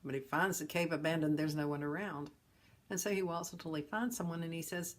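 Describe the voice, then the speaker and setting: Low-voiced woman telling a teaching tale. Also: normal speed. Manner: gentle, folksy storyteller with chuckles. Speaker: host and teacher of a philosophy of ease. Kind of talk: storytelling talk on suffering.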